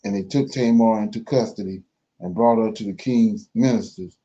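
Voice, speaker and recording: A man reading scripture aloud for a Bible study, slow and careful, pausing and correcting himself as he goes. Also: lowish voice, warm tone, muffled recording.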